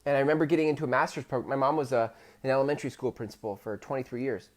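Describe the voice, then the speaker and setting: A man in his thirties, a podcast host, telling a personal story in a halting way, with many restarts and rising emotion. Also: mid-range voice, steady tone. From Pacific Northwest of the US. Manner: halting, many restarts, gets loud and emotional when retelling.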